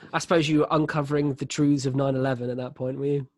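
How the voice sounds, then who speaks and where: A man's voice: mid-range voice, background noise. A man hosting a podcast, teasing his friend in casual, laughing chat with plenty of swearing. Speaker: podcast host.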